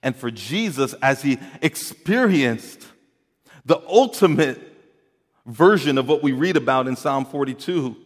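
A man's voice: medium pitch, animated, a little slow. Earnest preaching man in a reverberant hall. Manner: earnest, swings from hushed to rising emphasis, repeats words. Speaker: pastor. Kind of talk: sermon.

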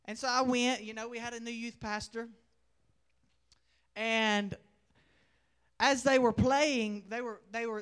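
A young man preaching a testimony in a sermon, telling his story with animated swings between loud declarations and hushed asides. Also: sits high, smooth.

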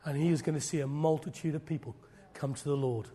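A middle-aged man with a slightly high voice preaches a sermon quickly, swinging between loud declarations and hushed lines that are nearly whispered.

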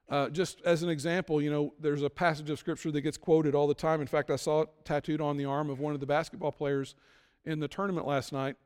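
A man preaching a sermon as pastor, building from calm teaching to loud, emphatic peaks. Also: a little high, long reverb tail.

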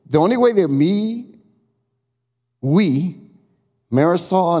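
Male pastor, higher-pitched and mellow, conversational and emphatic sermon, echoing sanctuary. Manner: conversational, emphatic, asks the congregation questions. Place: church sanctuary. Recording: long reverb of a church hall.

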